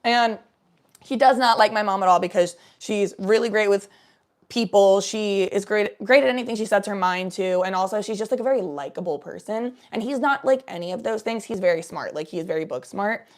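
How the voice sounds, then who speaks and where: A woman from Cincinnati in casual storytelling chat. She talks bluntly and profanely, tossing in quick asides. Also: mid-range voice. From Cincinnati, USA.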